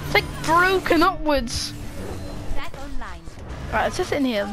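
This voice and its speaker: A woman giving excited, giggly commentary while playing a game, yelping and shouting at what happens on screen. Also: sits high, measured pace, pauses often, music in the background. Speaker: gaming video host.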